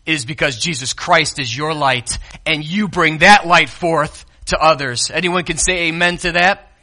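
Man, pastor, sermon, bright forceful voice, slightly high, loud-then-hushed delivery, addresses the congregation. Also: moderate pace. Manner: dramatic swings between loud emphatic declarations and quiet, hushed asides; speaks directly to the congregation, calling to the kids and the lights operator.

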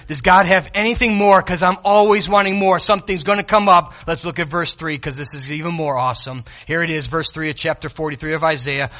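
A man preaching a sermon, animated, dropping from loud exclamations to hushed tones and acting out scenes from scripture. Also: fairly high pitch. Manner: acts out biblical scenes in voices.

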